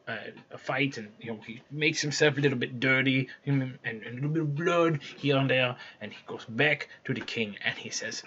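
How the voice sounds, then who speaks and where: A man's voice: mid-range voice, bright, forceful tone, breathy edge. A man casually retelling a fairy tale in a loose, conversational way, with restarts as he goes. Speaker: storyteller. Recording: dull lo-fi recording.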